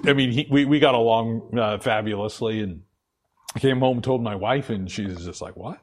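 A middle-aged man giving a conversational sermon and personal testimony, earnest and hesitant, with many fillers and restarts. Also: medium pitch. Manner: earnest, confessional. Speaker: lay preacher.

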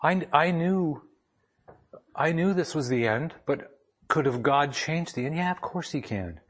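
Husky man telling a plainspoken story. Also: on the high side, lively intonation, unhurried. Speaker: lay speaker giving a devotional talk. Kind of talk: personal story sermon with scripture reading. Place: speaking up front to a gathering.

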